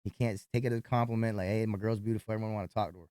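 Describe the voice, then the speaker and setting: A man who works as a nightclub bouncer tells a fight story in an interview, animated and profane. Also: lowish voice, very fast, clear, resonant tone, dry recording, studio quality.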